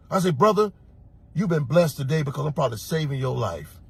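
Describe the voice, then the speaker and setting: A man from Florida who works as a security officer, telling a personal story in an animated, emphatic way and acting out the lines he quotes. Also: on the high side, a little fast, creaky, husky, dry recording.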